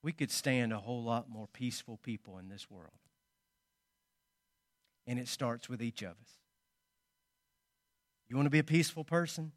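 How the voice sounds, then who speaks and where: A man preaching a sermon, telling stories and swinging between loud emphasis and quiet asides. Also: medium pitch, moderate pace, pauses often, no echo, studio quality. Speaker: pastor.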